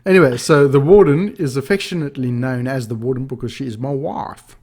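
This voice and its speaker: A man's voice: mid-range voice, brisk, darkish tone, slightly rough. A man hosting a casual podcast at home, joking, swearing and laughing a lot after a few drinks. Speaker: podcast host. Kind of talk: casual tipsy chat.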